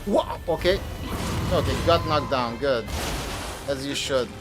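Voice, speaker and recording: A young man with a mid-range voice streams a video game, speaking a little slowly while music plays in the background. His live play-by-play is peppered with swearing and grumbling, irritated at the enemy and his computer.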